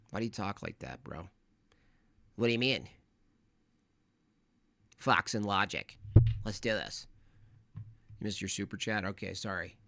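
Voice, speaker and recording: A man's voice: on the low side, unhurried, gravelly, long pauses, sharp tone. A man hosting a casual livestream, reacting to videos and reading viewer messages in an exasperated, rambling, slangy manner. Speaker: streamer reviewing videos.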